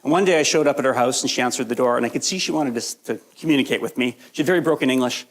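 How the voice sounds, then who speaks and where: Speaking very fast in a mid-range voice, a man delivers a live training lecture to a workshop audience. He's recovering from a cold, keeps things conversational and jokey, and often checks in with "right?" He is the workshop presenter.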